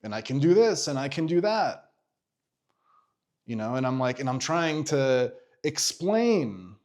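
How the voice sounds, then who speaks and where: Candid, animated man sharing his story. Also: mid-range voice, unhurried. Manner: animated, swears freely, many fillers and restarts. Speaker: vlogger.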